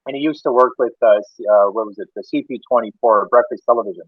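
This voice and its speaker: A Canadian interior designer tells rambling anecdotes in a casual interview, restarting often. His medium-pitched voice is fast and husky, heard over a tinny, phone-like, dry line with no room sound.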